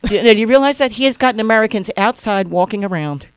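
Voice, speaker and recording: A man's voice: sits high, lively intonation, quick pace, clean tone, dry recording. A man co-hosting a talk radio show, telling a story casually and animatedly, acting out the people he quotes. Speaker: guest host.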